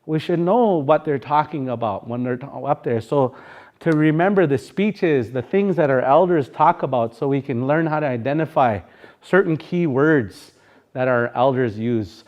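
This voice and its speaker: A man's voice: medium pitch, normal speed, a little mellow, highs cut off. A man with a Sioux Valley Dakota accent teaching a live language class, talking informally and rambling, singing phrases to show how they should sound.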